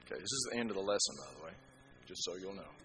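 A middle-aged man preaching a sermon, swinging from quiet explanation to loud, emphatic appeals. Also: deep voice, animated, rapid-fire, slight background noise. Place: church hall. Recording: long hall reverb.

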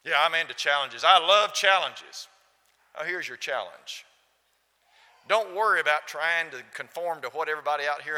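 A man preaching from the pulpit in a sharp, intensely forceful voice that sits a bit high for a man. He hammers his point with repeated rhetorical questions, and his words ring out with a long reverb through a church hall. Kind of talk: sermon.

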